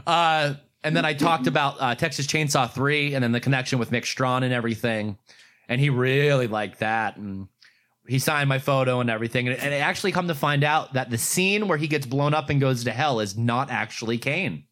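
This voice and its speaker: A man's voice: mid-range voice, fairly quick. A man from Pittsburgh telling a convention story in casual chat, profane, acting out other people's lines. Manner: animated, profane, acts out quotes in raised voice.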